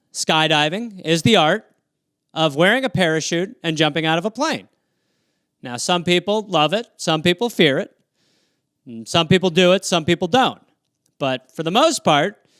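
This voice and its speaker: A man's voice: sits high, pushed and bright, clear, resonant tone, dry recording. A man from Wisconsin riffing through silly prompts on a livestream, playfully dropping into comic voices. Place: home, livestream. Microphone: phone or webcam.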